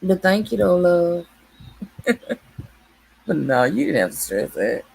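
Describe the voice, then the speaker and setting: A woman's voice: on the low side, sing-song, takes it slowly, creaky, a little mellow, slightly rough. A woman hosting a casual late-night livestream, chatting with viewers by name and laughing often. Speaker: livestream host.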